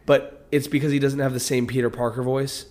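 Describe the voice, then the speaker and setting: Medium-pitched and level in tone, this young American dad talks fairly quickly with a darkish timbre. As a co-host in a casual chat, he tells stories loosely and emphatically, swearing freely.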